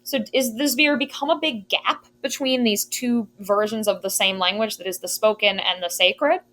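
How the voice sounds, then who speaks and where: A woman of middling pitch hosts a casual podcast conversation. She asks long, wandering questions and fills them with casual words as she thinks. Her tone stays curious and informal. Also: moderate pace, a bit bright, a little hiss or hum. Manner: curious, rambling questions with frequent like. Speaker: podcast host.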